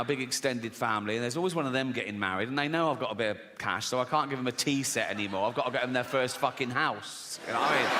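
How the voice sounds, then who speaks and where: A man's voice: mid-range voice, in a large hall, noisy background. An older man performing a stand-up comedy set in a sardonic, swearing manner, often acting out mocking voices.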